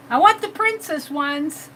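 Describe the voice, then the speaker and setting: A woman with a high, bright voice hosts a live art stream, chatting and giggling as she reads viewer comments. She talks slowly and playfully, with a faint hum of room ambience behind her. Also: low-quality recording. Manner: giggly and playful, laughs often.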